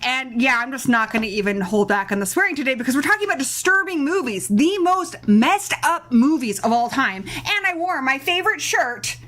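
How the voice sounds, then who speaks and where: A woman hosting a casual live chat show, her voice high and swooping all over the place. She talks in a brash, joking, freely profane way with a bright, sharp edge. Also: lively intonation, brisk, hardly any pauses. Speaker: host.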